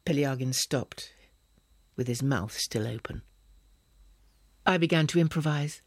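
A man narrating a story in a measured, even audiobook reading. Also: medium pitch, gravelly, slightly rough, no echo, clean studio sound.

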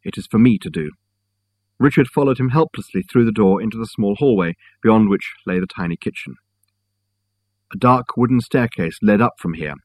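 A male narrator reads the story in a steady, measured way. His voice sits low with a husky grain. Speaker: audiobook narrator. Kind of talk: scripted narration.

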